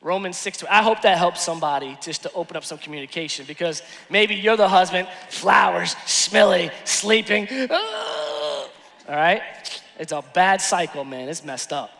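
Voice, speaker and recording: A man preaching a sermon as pastor, telling stories with animated swings from hushed asides to shouted lines. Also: high voice, normal speed, vocal fry. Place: large church hall. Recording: long hall reverb.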